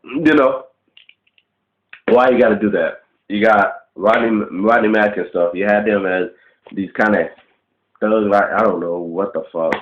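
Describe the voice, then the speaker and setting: A man's voice: lowish voice, measured pace, pauses often. A man ranting casually to the camera, blunt and profane, firing off rhetorical questions. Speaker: vlogger. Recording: roomy, dull lo-fi webcam audio.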